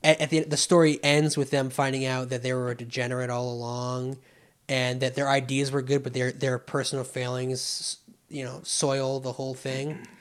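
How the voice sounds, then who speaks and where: A man's voice: medium pitch, flat delivery, normal speed. A man chatting casually with friends, rambling with many restarts and fillers. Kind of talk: casual chat.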